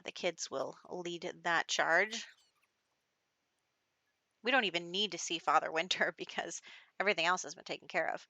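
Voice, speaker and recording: In a dry recording, a woman narrates her life-sim let's-play in a casual, chatty way, laughing a lot and tossing off lines for the characters. Her voice is on the low side, bright and pushed.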